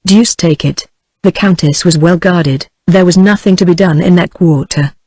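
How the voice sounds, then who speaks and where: A text-to-speech woman's voice with a British accent, reading a classic novel in an even, measured way. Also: on the low side, no echo. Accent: British English. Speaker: audiobook narrator. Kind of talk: synthetic audiobook narration.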